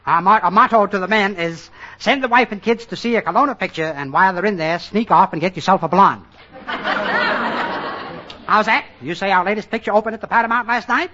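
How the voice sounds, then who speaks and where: A male comedian playing a bombastic movie producer with booming exclamations, in 1940s radio comedy. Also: a little fast, pushed and bright. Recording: muffled vintage radio broadcast with hiss.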